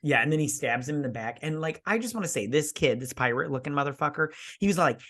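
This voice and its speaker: A man's voice: on the high side, animated, fast talker, fairly bright tone. A young man co-hosting a casual movie-review chat while drinking, telling a rambling story full of swearing and mimicked voices. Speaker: podcast co-host.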